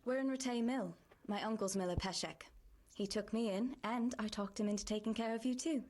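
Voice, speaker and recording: An actress voicing a young village woman in a video game, caring and practical, with a gentle, often hushed way of speaking. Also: a little high, fairly quick, lightly acted. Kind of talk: game voice acting.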